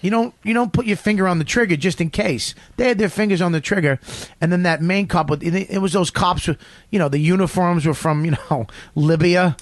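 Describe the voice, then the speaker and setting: A man hosting a podcast, telling a profane, animated, self-deprecating story in casual chat. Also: high voice, fairly quick, dry recording. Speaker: podcast host.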